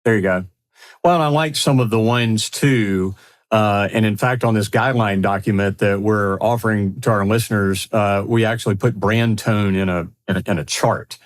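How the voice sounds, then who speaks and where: Low-voiced upbeat male podcast co-host. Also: moderate pace. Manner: upbeat, affirming, builds on points. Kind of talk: casual podcast discussion.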